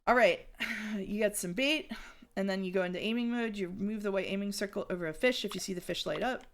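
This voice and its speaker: A woman's voice: medium pitch, brisk. A woman streaming a life-sim game, chatting casually, reading chat messages aloud and often trailing off and restarting her sentences. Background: faint game music.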